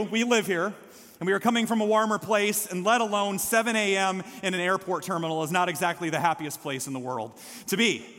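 High-voiced pastor preaching in a reverberant hall. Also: male voice, a bit bright. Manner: impassioned, builds to calls for response. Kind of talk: sermon. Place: church sanctuary.

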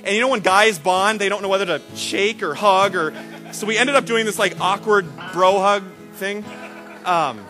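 A man preaching a sermon as a pastor, animated and repetitive when excited, acting out the voices in his stories. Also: high voice, normal speed, faint music behind. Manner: animated storytelling, acts out quoted voices; repeats words and restarts when excited.

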